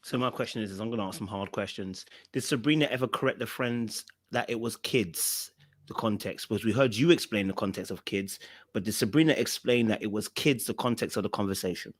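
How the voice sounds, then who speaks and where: A man hosting a podcast interview, asking pointed questions and restating the answers to make them clear. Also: on the low side, brisk. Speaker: podcast host.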